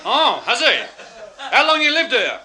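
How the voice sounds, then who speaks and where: A man voicing a gruff veteran male police sergeant who speaks curtly and sarcastically. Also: high voice, animated, normal speed, pitched above the performer's own voice. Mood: sarcastic. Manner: curt, sarcastic. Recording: loud noisy live recording.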